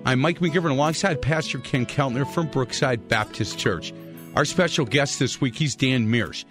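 A man hosting a sports radio talk show, telling a story in a chatty, lively way. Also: medium pitch, normal speed, over music.

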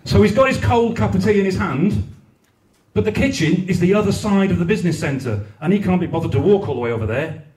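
A man's voice: high-pitched, expressive, fairly quick, a little mellow. A man performing a crude, swearing live stand-up routine, acting out other people's raised voices at a comedy night. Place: comedy night in a venue hall. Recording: echoey hall, mic from far off.

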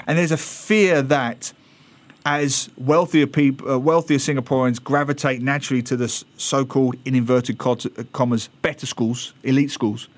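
A man's voice: mid-range voice, steady tone, moderate pace. A man from East London with an Essex estuary English accent, chatting as a guest columnist on a radio show with wry, opinionated asides. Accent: Essex (Thames estuary) English. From England, East London. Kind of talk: radio talk chat.

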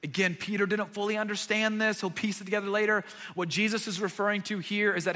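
A man's voice: high voice, little pitch movement, fast talker, pushed and bright, in a large hall. A man preaching a sermon, retelling a scene with vivid dramatic emphasis. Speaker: pastor.

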